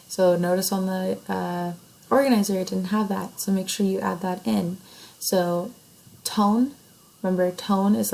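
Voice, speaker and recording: A woman's voice: fairly low pitch, vocal fry, darkish tone, rough recording. A woman teacher walking her students through an essay assignment in a recorded lesson, explaining step by step and checking in with "right?" as she goes.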